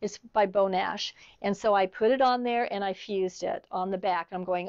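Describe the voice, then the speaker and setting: A woman's voice: medium pitch, normal speed, dry recording, muffled recording. A middle-aged woman teaching an online sewing class, chatty, telling stories as she demonstrates. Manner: chatty, storytelling asides. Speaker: sewing instructor.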